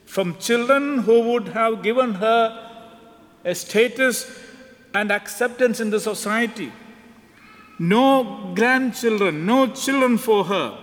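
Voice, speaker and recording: High-pitched guy preaching a chatty homily, church echo behind him. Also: slow. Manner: conversational, non-native phrasing. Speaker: priest. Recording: reverberant church hall.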